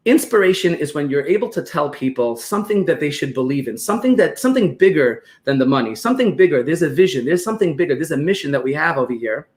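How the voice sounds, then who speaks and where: A man with a New York accent talks at a rapid clip in a fairly high voice. He tells animated stories and acts out quotes as a guest on a podcast interview, speaking over a remote call. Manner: animated, fast storytelling with acted-out quotes. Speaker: guest expert on business operations. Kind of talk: podcast interview, explaining with examples.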